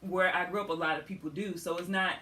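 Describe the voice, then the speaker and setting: A woman's voice: fairly low pitch, fairly even intonation, fast talker, bright, forceful tone, echoey room, a little hiss or hum, low-quality recording. A young woman from the Washington DC area, talking casually as a guest, chatty, laughing often and filling with "like". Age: young adult. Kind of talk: casual chat.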